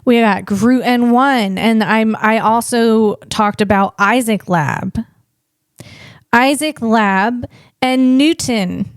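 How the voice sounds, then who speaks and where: A woman's voice: fairly high pitch, slow, no room sound, studio quality. A woman hosting a solo podcast in a casual, rambling way, often correcting herself and laughing at herself. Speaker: podcast host.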